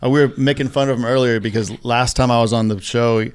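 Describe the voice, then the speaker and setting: A man's voice: mid-range voice, fairly even intonation, fast, clear, resonant tone, no room sound. A man appearing as a guest on a podcast, talking earnestly and gratefully in a loose, rambling way. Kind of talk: casual podcast conversation.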